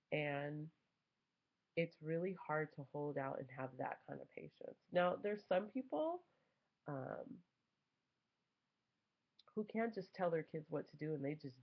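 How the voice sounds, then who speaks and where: Gravelly-voiced mom telling a story. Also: female voice, low-pitched. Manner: animated, acts out quoted voices. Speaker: mother vlogger. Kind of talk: casual storytelling to camera. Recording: dull lo-fi home recording.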